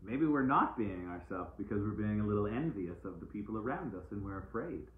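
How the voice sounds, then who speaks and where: A man's voice: lowish voice, expressive, brisk. A man giving a casual, playful live-stream oracle card reading, repeating uplifting phrases like mantras. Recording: echoey room, tinny phone-like sound.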